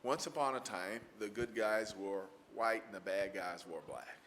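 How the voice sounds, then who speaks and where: A man's voice: lowish voice, moderate pace, a bit bright. Man, from Mississippi, lecturer, folksy, anecdotal, lots of ums, faint background noise. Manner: folksy, anecdotal, frequent fillers. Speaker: lecturer, environmental lawyer. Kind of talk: storytelling lecture answer. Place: lecture hall with audience.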